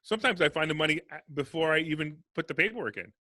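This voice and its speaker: Fast-talking bright-voiced man. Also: on the high side, no room sound. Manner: fast, animated storyteller acting out dialogue. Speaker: real estate investor guest. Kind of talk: casual podcast interview.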